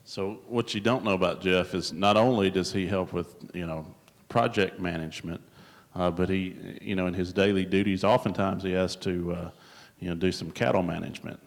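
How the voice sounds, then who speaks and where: A man's voice: sits low, fairly even intonation, normal speed. A man moderating a conference panel, prompting the speakers with easygoing, teasing questions. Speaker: session moderator. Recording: echoey conference hall.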